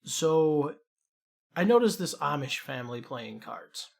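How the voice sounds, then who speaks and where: Young man, Chicago accent, somewhat high voice, podcast co-host, rambling, profane storytelling. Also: expressive, slow, creaky. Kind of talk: casual storytelling chat.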